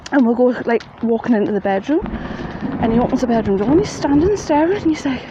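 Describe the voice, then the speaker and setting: A woman's voice: fairly high pitch, expressive, moderate pace, muffled recording. A woman telling a ghost story in a chatty, plain-spoken way, outdoors at night in the rain. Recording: faint rain noise behind.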